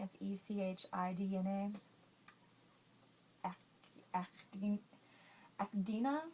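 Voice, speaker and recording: Female vlogger, unhurried and giggly, home webcam sound with slight background noise. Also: mid-range voice, poor audio. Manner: giggly, self-conscious, drawn-out reading. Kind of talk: casual word-list reading vlog.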